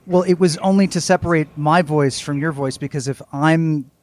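A man's voice: on the high side, fairly even intonation, normal speed, background noise. A man co-hosting a podcast in casual chat, wry and long-winded, joking at his own expense on a home balcony. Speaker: podcast co-host.

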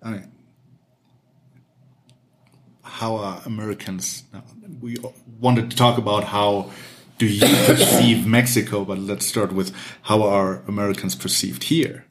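German guy hosting a chat, lowish voice, lots of ums. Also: a little slow, slight background noise. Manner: relaxed, hesitant, many fillers. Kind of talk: casual chat. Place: Mexico.

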